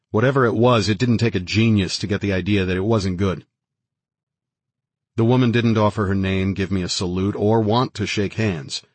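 A man's voice: lowish voice, breathy edge, no room sound. A man reading a first-person story aloud in a wry, hard-boiled way. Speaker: audiobook narrator. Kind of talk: scripted first-person narration.

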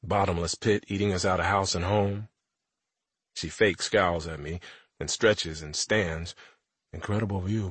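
A man's voice: on the low side, slightly rough, dry recording. A man narrating an audiobook in the first person as a teenage boy, with a wry, conversational delivery.

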